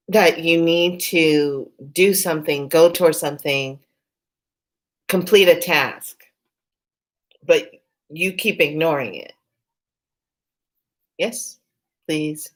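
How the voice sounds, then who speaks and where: Slow-talking low-voiced woman vlogger. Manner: storytelling, quoting herself and others in lively bursts. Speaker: spiritual vlogger. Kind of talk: casual spiritual talk to camera.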